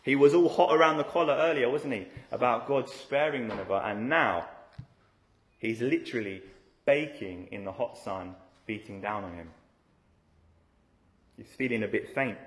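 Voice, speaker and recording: A man's voice: mid-range voice, moderate pace, pauses often. Conversational male preacher in an echoey room. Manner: conversational, with frequent rhetorical tag questions. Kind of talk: expository sermon.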